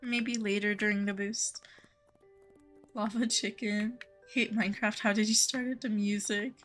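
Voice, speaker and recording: Over soft background music, a woman streaming games chats with her audience and reads their messages, laughing easily and leaning on "um" and "like." She has a mid-range, fairly bright voice and an unhurried, flat delivery.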